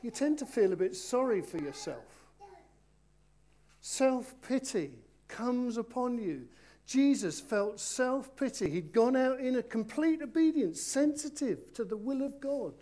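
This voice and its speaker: A man's voice: extremely high pitch, animated, takes it slowly, warm tone. A man leads a children's talk during a church service. He speaks playfully and coaxes the young volunteers at the front. He addresses the congregation around him as he preaches. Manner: playful, coaxing, talks directly to volunteers.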